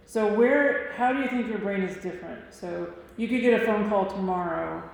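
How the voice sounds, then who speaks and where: A man's voice: high voice, normal speed, creaky. A man hosting an interview, asking probing, reflective questions. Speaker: host. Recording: very echoey room, faint background noise.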